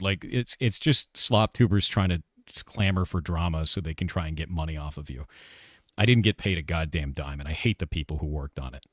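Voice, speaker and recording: A game developer in his forties chats casually on a live stream in a low, animated voice at a fairly quick pace. He rants and swears, leaning heavily on "like" and "dude." The sound is clean studio audio with no room sound.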